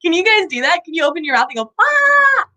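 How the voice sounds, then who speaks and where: This young woman talks very fast in a high, animated voice that sounds pushed and bright, captured on a low-quality recording. Hosting an educational animal show for little children, she's playful and sing-song, throwing in sound effects and questions for the kids.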